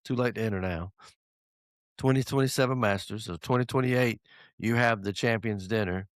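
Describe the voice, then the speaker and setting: A man, co-hosting a podcast in a casual, animated chat with playful swearing. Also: fairly low pitch, moderate pace, no room sound, studio quality. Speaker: podcast co-host.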